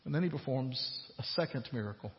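A man's voice: mid-range voice, animated, fast talker. A man preaching a sermon as pastor, retelling scripture in a casual, conversational paraphrase and building to emphatic points. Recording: dull sound with long hall reverb.

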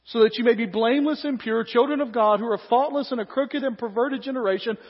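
High-voiced male pastor preaching in a hall. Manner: swings between hushed, slow passages and loud, emphatic preaching. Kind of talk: sermon. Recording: echoey hall, dull lo-fi sound.

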